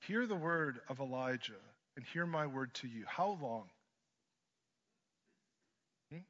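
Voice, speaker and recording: A man preaching a sermon, swinging from hushed lines to loud ones and mixing in joking asides. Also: medium pitch, lively intonation, takes it slowly. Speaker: pastor. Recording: dull lo-fi sermon recording.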